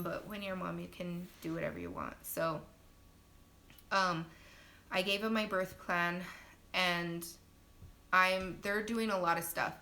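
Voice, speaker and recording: Bright-voiced young mom telling a story. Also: female voice, lively intonation, unhurried, long pauses. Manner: chatty, talks to viewers directly. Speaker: new mother sharing her birth story. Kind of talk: casual storytelling on a livestream. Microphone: phone livestream. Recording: low-quality livestream audio with faint noise.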